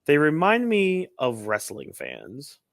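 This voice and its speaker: A man co-hosting a casual review podcast, swearing freely and mocking crowds with loud put-on voices. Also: a little high, slow, creaky, dry recording, clean studio sound. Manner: profane, animated, mocks crowds in shouted put-on voices. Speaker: podcast co-host.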